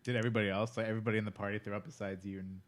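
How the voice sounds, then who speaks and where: A man co-hosting a podcast, reacting to a friend's story with quick questions and jokes. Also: on the low side, level tone. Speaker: podcast co-host. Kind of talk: casual chat.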